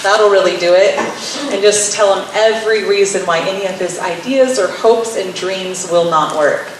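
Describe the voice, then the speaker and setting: A woman teaching wives about marriage, wry and playfully sarcastic, often acting out little scenes. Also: mid-range voice. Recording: very echoey room, mic far off, faint hiss.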